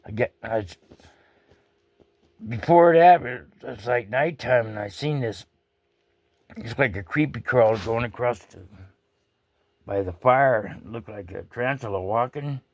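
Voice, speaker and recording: Speaking at medium pitch, this male storyteller goes a little slowly and pauses often, with no room sound around him. His personal anecdote rambles along, salty and down-home, peppered with casual swearing and frequent restarts.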